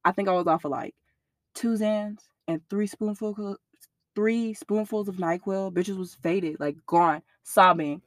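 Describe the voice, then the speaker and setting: A young woman in an interview, telling a personal story in a blunt, profane, animated way. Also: medium pitch, unhurried, no room sound, clean studio sound.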